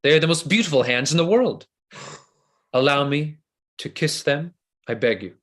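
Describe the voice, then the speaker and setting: Ein Mann spielt einen schmeichelnden Edelmann-Verführer. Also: male voice, fairly high pitch, lively intonation, normal speed, fairly bright tone. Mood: ardent. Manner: flowery, ardent declarations. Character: smooth-talking noble seducer, flattering and insincere. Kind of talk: play reading. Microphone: video call.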